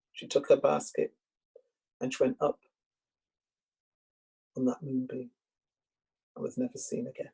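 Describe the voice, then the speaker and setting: Gravelly, husky woman storyteller. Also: low voice, warm tone, poor audio. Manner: dramatic and rhythmic, with repetition. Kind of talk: oral folktale telling.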